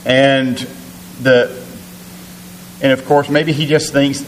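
A man's voice: mid-range voice, level tone, takes it slowly, long pauses, slight background noise. Man preaching in a reverberant hall. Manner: conversational, with many restarts and fillers. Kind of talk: sermon with scripture reading.

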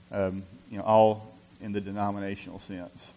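A male preacher giving an earnest sermon, often restarting phrases and filling pauses with "you know.". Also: lowish voice, fairly even intonation, dark tone.

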